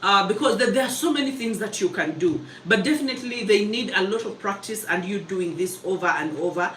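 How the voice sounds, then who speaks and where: A woman runs a live public speaking mentorship session. She talks quickly and with emphasis, chatty and full of laughter. Her voice sits a little back from the mic in a roomy space with a faint hum of ambience. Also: medium pitch, expressive, fairly bright tone, distant mic.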